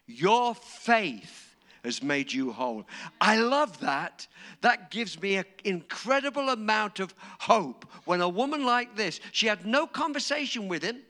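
A man preaching a sermon, dramatic and storytelling, acting out quotes and rising to shouts. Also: high voice.

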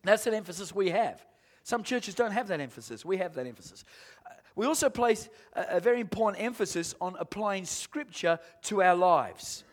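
A man preaching a sermon to a congregation, emphatic and rising to shouts, calling for amens and asking the room questions. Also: high voice, animated, moderate pace. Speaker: pastor.

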